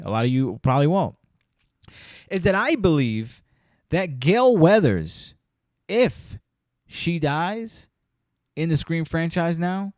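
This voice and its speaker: Guy on a podcast ranting about a movie, lively voice that jumps around, kinda high, dry sound. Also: no room sound. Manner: animated, acts out scenes in quoted voices. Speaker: podcast host. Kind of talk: casual movie review chat.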